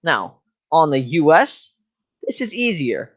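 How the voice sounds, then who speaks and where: A man's voice: on the high side, very animated, takes it slowly, fairly bright tone, dry recording, lo-fi sound. A man giving a joking class presentation in a slangy, rambling, mock-serious way. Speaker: student presenter.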